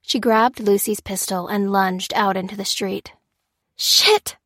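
A woman narrating an audiobook in a steady, tense storytelling manner. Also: medium pitch, normal speed, no echo, clean studio sound. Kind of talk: scripted narration.

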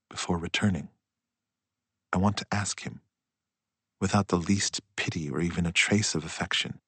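Deep, hushed male audiobook narrator. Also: husky, dry recording. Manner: slow, hushed and reflective.

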